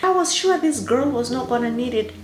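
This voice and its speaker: A woman, a life coach telling her personal story in an expressive way, with dramatic exclamations. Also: on the high side, fairly quick, a little hiss or hum. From Africa. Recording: roomy echo with faint background music.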